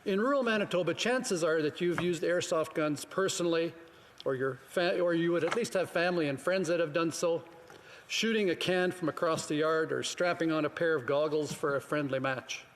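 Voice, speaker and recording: A man's voice: on the high side, normal speed. Man giving a pointed chamber speech. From Canada. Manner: firm, pointed, rhetorical questions. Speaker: member of parliament. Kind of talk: formal parliamentary speech. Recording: long reverb from a large chamber, faint background noise.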